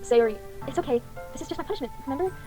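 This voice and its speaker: Anxious lovesick schoolgirl, high and shaky, quick delivery, faint music under it; a woman plays her. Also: animated. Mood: resigned. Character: tearful anxious teenage schoolgirl, lovesick and self-blaming. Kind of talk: reading a visual novel aloud.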